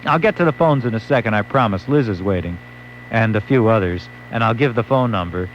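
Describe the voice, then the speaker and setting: A man's voice: on the low side, animated, a little fast, a little hiss or hum. A male late-night radio host, telling a wry story and acting out quotes. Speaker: radio talk show host. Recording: dull lo-fi AM radio recording.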